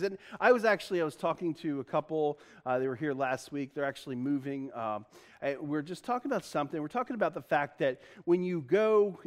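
A man's voice: high-pitched, a little mellow. A man preaching a sermon as pastor, chatty and self-deprecating, laughing often and restarting his sentences.

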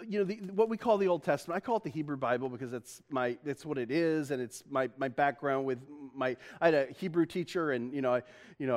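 A middle-aged man with a notably high voice delivers a loose, conversational sermon in a church. He jokes with his listeners and laughs often as he talks. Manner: chatty and joking, laughing often. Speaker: pastor.

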